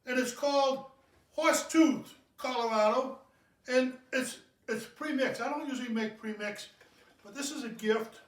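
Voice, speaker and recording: A man hosting a goofy home cocktail video, loud, hammy and joking. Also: very high-pitched, roomy sound, distant mic. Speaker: home cocktail show host.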